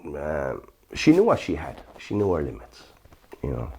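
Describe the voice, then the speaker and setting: A man, a former jockey recalling his racing days in a relaxed interview, full of "you know" and "sure, look". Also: rumbling low, moderate pace, slightly rough. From Ireland. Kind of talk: casual reminiscing interview.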